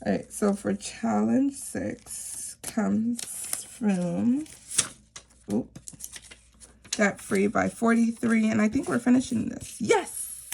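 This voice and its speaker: A woman's voice: fairly high pitch, slow, gravelly, darkish tone, slight background noise. A woman chatting casually to camera about her savings challenges, rambling with lots of fillers. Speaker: savings vlogger; teacher.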